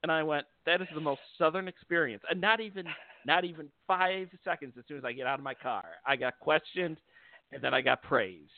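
A man from upstate New York hosting a podcast, telling a story in an easygoing, animated way. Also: on the high side, fairly quick, vocal fry, a little hiss or hum. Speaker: podcast host. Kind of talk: casual chat, storytelling. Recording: dry, tinny phone-like line.

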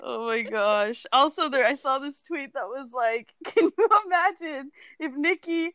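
A woman's voice: high voice, a little slow, a bit bright, dry recording. A woman co-hosting a podcast in casual chat, gushing and laughing often. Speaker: podcast co-host.

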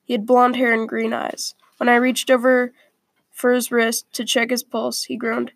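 A woman reading a first-person story aloud in a quiet, earnest way, with small slips along the way. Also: fairly high pitch, a little slow, creaky, no echo.

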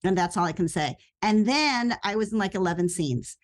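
Lively storytelling actress, quick and animated. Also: female voice, mid-range voice. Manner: lively, quick, acts out quoted voices. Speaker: actress and radio host guest. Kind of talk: animated storytelling in a podcast interview.

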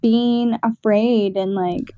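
A woman's voice: on the high side, fairly even intonation, slow pace, dark tone, dry recording, lo-fi sound. A woman podcast co-host in candid casual chat, speaking thoughtfully with hesitations and fillers.

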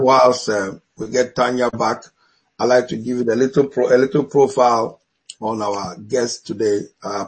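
A man's voice: medium pitch, breathy edge, poor audio. A middle-aged man with an African accent, a bishop hosting an online church talk, laughing often and blessing his guests.

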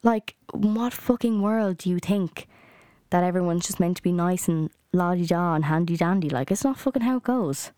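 A woman's voice: fairly low pitch, moderate pace, warm tone, dry recording, studio quality. A young adult woman hosting a solo podcast, ranting in a heated way with lots of swearing and "like" fillers. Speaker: podcast host.

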